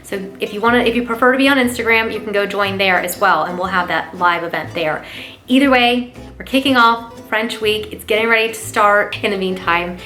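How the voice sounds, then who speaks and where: A woman hosting a chatty lifestyle vlog, her voice clear and bright at a middling pitch. She gushes and exclaims as she addresses viewers directly as friends, with soft music playing underneath. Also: fairly quick. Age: adult parent. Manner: gushing and enthusiastic, lots of "oh my gosh"; warm, talks straight to viewers as "you guys". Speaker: lifestyle channel host. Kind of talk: chatty gift-guide vlog.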